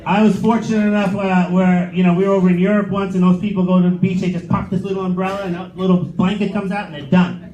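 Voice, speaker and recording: A man's voice: sits high, little pitch movement, quick pace, muffled recording. A middle-aged man doing a stand-up comedy set, telling crude, sarcastic stories on stage in a comedy club. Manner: crude, sarcastic storytelling with acted quotes. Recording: roomy club with crowd laughter.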